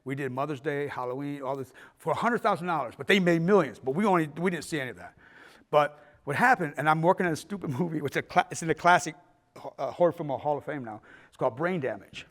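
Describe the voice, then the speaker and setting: Older man, filmmaker talk, storytelling, swears freely, acts out voices, fairly high voice. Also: fast. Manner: animated, profane, acts out scenes in voices. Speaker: filmmaker giving a festival talk.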